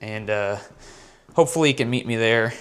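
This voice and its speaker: A man's voice: fairly low pitch, brisk. Chatty man vlogging from home. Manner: chatty, rambling storyteller. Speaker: vlogger and content creator. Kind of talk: casual vlog chat.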